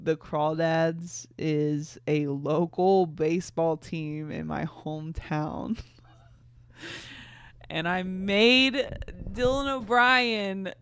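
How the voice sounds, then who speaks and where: A woman's voice: low voice, fairly even intonation, extremely slow, a bit bright, clear, resonant tone, no room sound. A tipsy young woman from North Carolina, hosting a podcast and reading her teen fanfic aloud with giggly, self-mocking asides. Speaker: podcast host.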